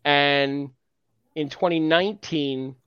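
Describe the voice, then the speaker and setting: On a laid-back geek news podcast, this co-host reads rankings and news in a jokey way and banters with his partner. His slow voice sits on the high side, a bit bright and clean with no echo, though the audio is dull lo-fi.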